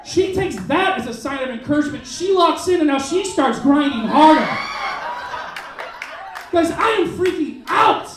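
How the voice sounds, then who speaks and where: A man doing a stand-up comedy set in a club, telling a crude story in an animated way and shouting his punchlines. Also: high voice, normal speed. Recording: roomy club sound, mic heard from a distance, crowd laughing. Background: audience laughter.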